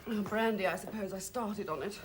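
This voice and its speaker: A woman's voice: medium pitch, brisk, a little hiss or hum, natural voice. An actress playing a brash, tipsy society woman in a period television drama, gushing in affected upper-class chatter.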